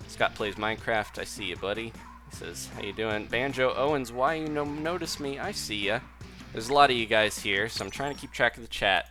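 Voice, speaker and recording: A young man streams a game live with easy, chatty commentary, often laughing and reading out the chat. His voice sits on the low side. Game music plays clearly behind him. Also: pushed and bright.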